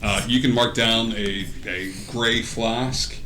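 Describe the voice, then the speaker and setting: A man's voice: mid-range voice, fairly even intonation, slow, sharp tone. A man narrating a tabletop game as game master, casual, with many fillers and frequent laughs. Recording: echoey room with faint noise.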